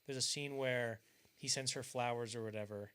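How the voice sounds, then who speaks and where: Speaking at normal speed in a smooth, slightly bright, medium-pitched voice with fairly even intonation, a man hosts a podcast discussing movies casually. He wanders off topic, stumbles and restarts often, and acts out lines from films.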